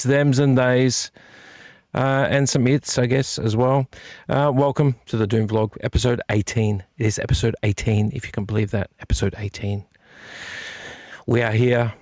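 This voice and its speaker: Male vlog host, casual and goofy, repeats lines for fun; gravelly, dry close mic. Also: medium pitch, a little mellow, no room sound. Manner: playful, repeats phrases, silly wordplay. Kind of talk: casual rambling chat to camera. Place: home room with fire on a TV and a heater. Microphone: desk microphone.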